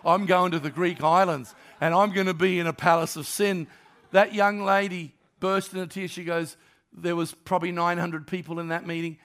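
Older aussie pastor telling stories in a sermon, high voice, bit gravelly. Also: male voice, moderate pace. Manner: animated storyteller, acts out dialogue, drops to soft tones. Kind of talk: storytelling sermon.

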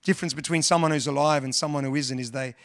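A man's voice: a little high, fairly even intonation, fast, no echo, studio quality. A male pastor preaching earnestly, often repeating words and quoting scripture and hymns. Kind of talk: sermon.

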